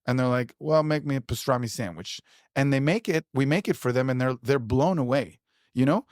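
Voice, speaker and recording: Recorded with clean studio sound and no echo, this man's mid-range voice is a little fast and a little mellow. He's a pitmaster and producer, chatting eagerly in a casual interview and rambling through fillers and restarts.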